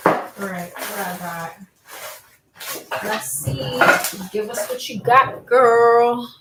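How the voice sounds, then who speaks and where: A young woman hosting a casual livestream from home, reading viewer comments and chatting, with a strong voice that has some bass to it. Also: extremely slow, far from the mic, heavy background noise. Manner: chatty, reads viewer comments aloud, laughs often. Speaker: livestream host. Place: room at home. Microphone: laptop mic. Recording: echoey room, talking from off the laptop mic.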